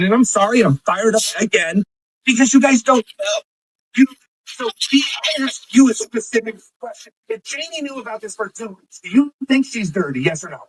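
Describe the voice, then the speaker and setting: A furious man ranting on his livestream, his voice pitched high and swearing constantly. He repeats himself as he gets more worked up. The sound is close and dry. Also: expressive, moderate pace, husky, no room sound, low-quality recording. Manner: heated, profane, repeating himself. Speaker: livestream host. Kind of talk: angry livestream rant.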